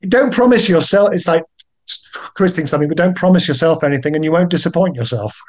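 An older man with a British accent, a guest actor chatting in a relaxed, wry, self-deprecating way. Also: fast talker. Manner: genial, wry, self-deprecating, with lively pitch jumps. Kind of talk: relaxed podcast chat.

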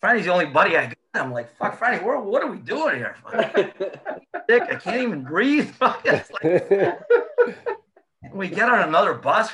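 A man spins stories in casual chat, his voice bright and lively as it leaps around. He swears freely and laughs as he goes. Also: fairly high pitch. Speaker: former hockey player telling stories.

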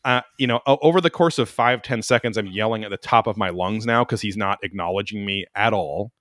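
Animated, profane male storyteller. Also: fairly low pitch, a little fast, no echo, clean studio sound. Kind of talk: casual chat, storytelling.

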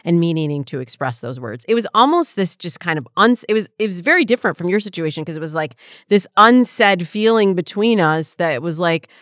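Smooth-voiced woman podcast dating coach. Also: lowish voice, lively intonation, brisk, a bit bright, dry recording, studio quality. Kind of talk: advice podcast, answering listener questions.

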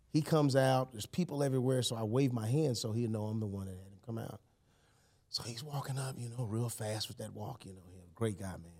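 A man, a podcast guest telling a personal story in casual conversation, animated and emphatic, often saying "you know" and "man". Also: medium pitch, creaky, breathy edge.

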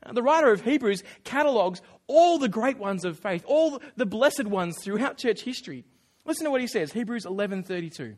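A man preaching a sermon, telling the story with lively, acted-out asides and quick self-corrections. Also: high voice.

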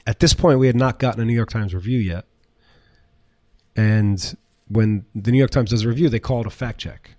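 A middle-aged man tells stories from his kitchen career in a loose, animated way, piling up fillers and cursing now and then. His voice sits a little low. The sound is dry and close, with no room echo. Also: a little fast. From United States. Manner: rambling, animated, swears, many fillers. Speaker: chef and restaurant owner, guest. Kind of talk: casual storytelling interview.

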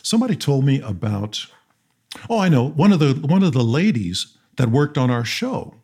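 A man's voice: mid-range voice, normal speed, breathy edge. Wry guy guesting on a podcast over a video call, voice swings up and down a lot. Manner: wry, animated storyteller. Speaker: guest, actor and pilot.

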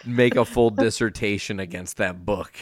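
Male podcast host, lowish voice, dry close sound, jokey and profane. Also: steady tone, moderate pace, no echo. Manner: joking, profane banter. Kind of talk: casual podcast chat.

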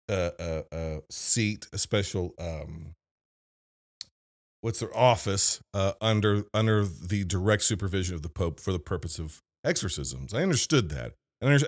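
A man hosting a solo movie review, thinking aloud into a microphone with restarts and asides. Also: lowish voice. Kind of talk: solo off-the-cuff film review. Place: video store. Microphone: studio microphone.

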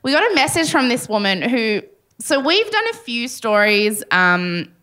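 A woman's voice: on the high side, very animated, a bit bright. A woman from Sydney with an Australian accent, co-hosting a live podcast show with jokey, chatty storytelling. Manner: chatty, jokey, quick asides. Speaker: podcast co-host.

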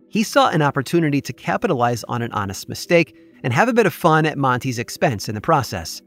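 A man hosting a podcast, telling a true story in scripted, measured narration with a wry touch. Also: mid-range voice, fairly bright tone. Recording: faint music bed behind.

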